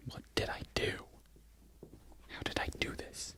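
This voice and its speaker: A man in a whispered ASMR ramble who loses his train of thought and laughs softly at himself. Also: a little slow. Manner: mostly unvoiced whisper. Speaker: crochet content creator.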